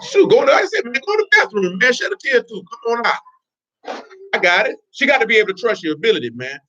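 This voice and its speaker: A man's voice: very high-pitched, sing-song, quick pace, sharp tone. A man giving informal, blunt religious teaching in streetwise slang, with laughing asides. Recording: dull lo-fi recording.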